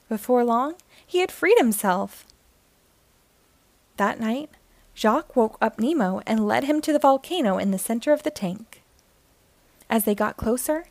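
A woman reading a children's picture book aloud in a gentle storytelling manner. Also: fairly high pitch, creaky, no room sound.

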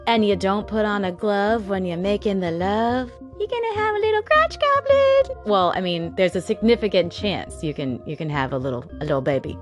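A woman's voice: lowish voice, fairly quick, hardly any pauses, a little mellow, soft background music. A woman casually narrating a true crime story, blunt and sarcastic, swearing in her asides.

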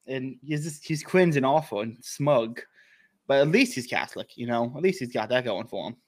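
An American man hosting a casual reaction chat, joking and emphatic, quick to mock himself. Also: mid-range voice, animated. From United States. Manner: joking, emphatic, self-mocking. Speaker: host.

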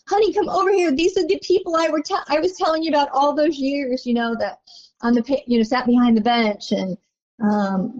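In a relaxed interview, a longtime basketball season ticket holder, an older woman, rambles through her stories, saying "you know" constantly. She has a fairly high, slightly mellow voice, and the recording is dull and lo-fi.

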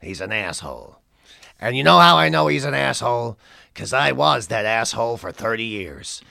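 A gruff, world-weary old stand-up comic, as a man puts him on, growling low in a Canadian accent. He sounds deadpan and blunt, and his swearing comes out dry and unbothered. The voice stays close and dry on the mic. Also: normal speed, no room sound, heavily acted. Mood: weary disdain. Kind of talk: comic impression in a podcast chat.

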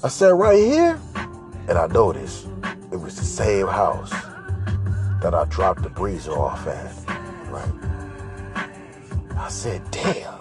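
A man's voice: sits low, animated, slow, pauses often, music in the background. A man hosting a podcast, telling a crude story in a boastful, profane way, repeating phrases and slipping into singsong. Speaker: podcast host.

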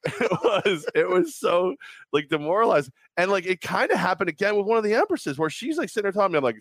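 Animated forty-something man telling stories. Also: fairly quick, no room sound, clean studio sound. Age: 40s. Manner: animated storytelling, acts out high-pitched quoted voices. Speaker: radio show co-host. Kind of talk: casual sports talk banter.

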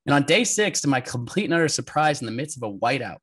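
A man from the United States, a podcast guest and adventurer, telling an energetic, emphatic story in conversation. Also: mid-range voice, quick pace, husky. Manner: energetic, emphatic, often laughing.

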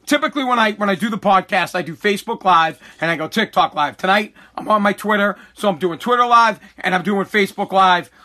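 A man's voice: high-pitched, a little fast, hardly any pauses, bright, forceful tone. A man hosting his own podcast, ranting angrily with stammering restarts and repeated complaints. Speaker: podcast host. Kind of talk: angry live-streamed podcast rant.

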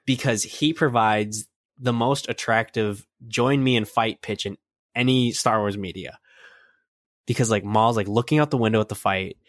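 A young man co-hosting a podcast, retelling a scene in an excited, rambling way full of fillers. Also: on the low side, normal speed, dry recording, studio quality. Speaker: podcast co-host. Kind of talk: casual fan chat.

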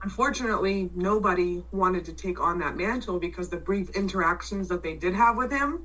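A woman in casual chat, loud and blunt, swearing freely and restarting her sentences as she tells a story. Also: on the low side, a little fast, distant mic, rough recording.

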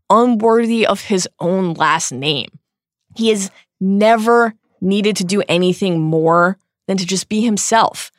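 Woman, podcast co-host, earnest emotional book recap, lowish voice, dry recording. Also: no echo. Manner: earnest and openly emotional about the story.

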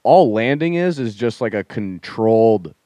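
A man in a relaxed, chatty podcast conversation, reacting to stories and adding his own. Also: fairly low pitch, unhurried, no room sound. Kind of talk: casual chat.

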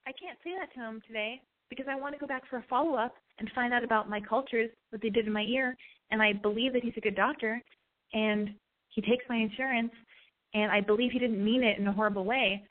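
A woman hosting her own show, telling a rambling, profane, self-mocking story in casual chat. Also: fairly high pitch. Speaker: podcast host. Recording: tinny phone-like line.

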